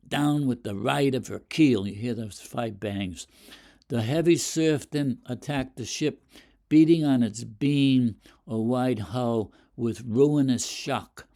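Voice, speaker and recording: Explaining stanzas in a poetry lesson, a male literature teacher reads the verse aloud with mounting emphasis. He has a mellow, medium-pitched voice and speaks with many fillers and restarts.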